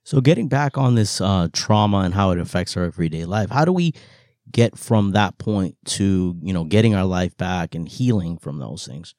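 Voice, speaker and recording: A man co-hosting a casual parenting chat, talking haltingly with many restarts. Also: deep voice, expressive, a little mellow, no echo, clean studio sound. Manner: halting, many restarts and "you know" fillers. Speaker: podcast co-host.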